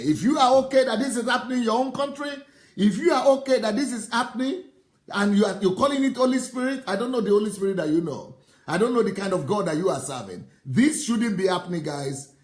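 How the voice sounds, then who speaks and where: A man, a pastor commenting on a video in an impassioned, repetitive way that rises to shouts. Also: sits high, lively intonation, fairly quick. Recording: roomy echo.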